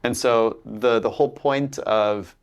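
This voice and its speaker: Californian guy, accent coach, rambling and animated, lots of "like" and restarts. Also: on the low side, measured pace, smooth. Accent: Californian American. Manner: animated storyteller, many fillers and restarts. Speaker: accent coach, interview guest. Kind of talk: casual interview talk.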